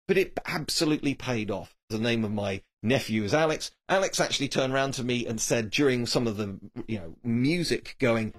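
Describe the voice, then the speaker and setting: Male presenter, casual anecdotal film talk, middle pitch. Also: a little fast, few pauses. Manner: chatty anecdotal storytelling, animated quoting.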